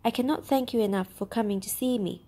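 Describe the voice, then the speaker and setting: Give me a mellow, earnest old gentleman from a storybook, read aloud by a woman. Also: on the high side, fast.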